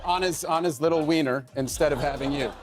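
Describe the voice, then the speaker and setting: A man's voice: on the high side, a little fast, music in the background. A man playing himself in a comedy sketch, smug and taunting the host.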